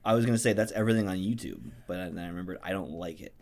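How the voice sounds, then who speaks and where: A man's voice: sits low, rapid-fire, a little mellow. A man casually co-hosting a game let's play, joking around and trailing off mid-thought. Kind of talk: casual gameplay commentary.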